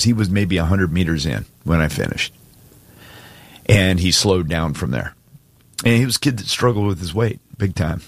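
A radio co-host with a low voice tells a heartfelt story during casual chat on a morning talk show, choking up with tears as he goes. The recording has no echo.

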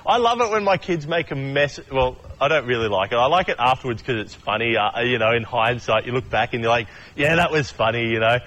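A man's voice: medium pitch, a little fast, few pauses, fairly bright tone, a little hiss or hum, poor audio. A young adult man preaching a casual sermon, chatty and storytelling, acting out voices as he goes. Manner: chatty, acts out voices in stories. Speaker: pastor.

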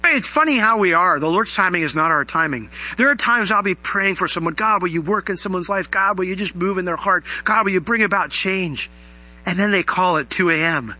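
A man's voice: brisk, poor audio. A male pastor delivering a sermon, teaching verse by verse and asking the congregation questions. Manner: animated preaching, rising pitch on questions.

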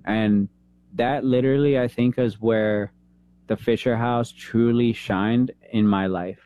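A man in his thirties, a veteran, telling an emotional personal story in an interview, earnest and halting, holding back tears. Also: medium pitch, steady tone, mellow, dry recording. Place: San Antonio, Texas.

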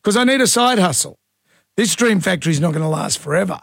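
A man co-hosts a radio show with playful, mock-wounded banter. His voice is husky with a gravelly edge, and it rises and falls a lot. The studio sound is dry. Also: high voice, lively intonation, fast talker, a bit bright, no room sound. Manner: teasing, mock-wounded, jokey. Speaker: radio co-host.

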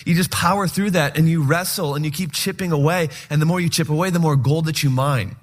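Animated joking man preaching a sermon. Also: fairly high pitch, fairly quick. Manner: animated, joking storyteller who acts out his own reactions. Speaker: pastor.

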